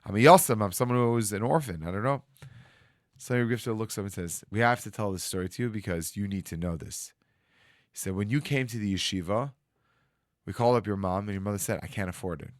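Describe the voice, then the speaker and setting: Low-voiced rabbi telling a story. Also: male voice, fast talker, dry recording, studio quality. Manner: animated storyteller acting out quoted voices. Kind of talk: storytelling talk. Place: studio.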